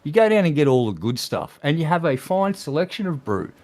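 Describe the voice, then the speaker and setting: A man's voice: on the high side, very animated, brisk, a little mellow. Crude joking Australian man. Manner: crude, swearing, joking banter. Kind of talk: casual livestream chat.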